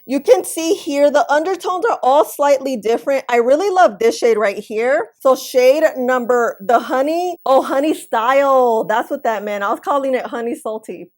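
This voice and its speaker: A woman's voice: high voice, expressive, moderate pace, few pauses. A young woman chatting casually to camera as a beauty vlogger, upbeat and talking while she eats, at home by a window.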